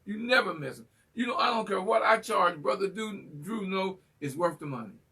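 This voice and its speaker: A male host of a live call-in class with a folksy, teasing, animated manner. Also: high voice, moderate pace, husky, far from the mic.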